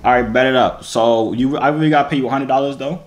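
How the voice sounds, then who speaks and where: A man's voice: medium pitch, steady tone, fast talker, background noise. A man hosting casual video chats, joking around in slangy, teasing banter. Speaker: host. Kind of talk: casual chat.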